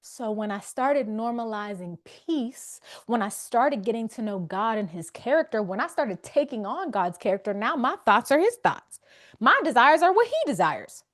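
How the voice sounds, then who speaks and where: This woman's voice sits on the high side and has a sing-song lilt at a normal speed. She's a faith wellness coach hosting a live coaching session, talking to her audience in a conversational, emphatic way.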